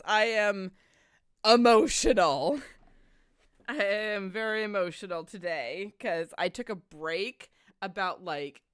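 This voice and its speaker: A woman's voice: medium pitch, a bit bright, dry recording, clean studio sound. A woman streaming a game live, chatting in a rambling, heartfelt way and greeting viewers effusively. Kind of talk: casual live-stream chat.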